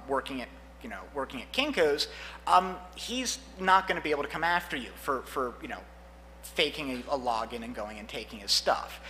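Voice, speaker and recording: A man's voice: a little high, sharp tone, slight background noise. A man giving a live conference talk on law and security, rambling with many fillers and acting out conversations. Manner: rambling, fillers, acts out dialogue. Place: conference hall.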